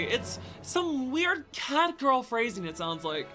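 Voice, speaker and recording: A woman's voice: high voice, sing-song, takes it slowly, few pauses, music in the background. Bubbly young woman game streamer. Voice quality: voice sometimes cracks. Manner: bubbly, playful, chats to viewers. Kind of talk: casual live-stream chat. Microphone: headset with headphones.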